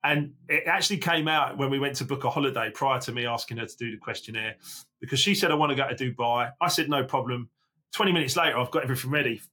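Bright, husky-voiced man telling stories. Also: mid-range voice. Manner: animated, quick anecdotes with self-quotes. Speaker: podcast guest. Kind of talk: casual conversational storytelling.

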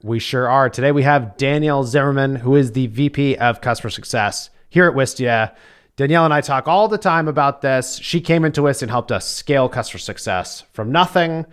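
A man's voice: medium pitch, a little fast, clear, resonant tone. A man co-hosting a podcast, talking in an upbeat, enthusiastic, casual way. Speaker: podcast co-host. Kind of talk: casual chat.

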